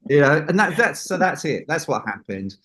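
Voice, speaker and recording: A man's voice: a little high, sing-song, normal speed, fairly bright tone. A man, a record producer, telling a story in an interview and acting out the people he quotes. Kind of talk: anecdote in an interview.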